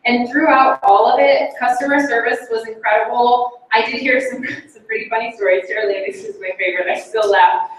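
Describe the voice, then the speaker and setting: A chatty, bubbly woman speaks to her team at a meeting in a slightly high voice, with lots of fillers and little laughs. Her voice comes from some distance and rings around a very echoey room. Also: steady tone, brisk, few pauses. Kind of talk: casual motivational talk to a group. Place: meeting room with a live audience. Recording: very echoey room, mic far off.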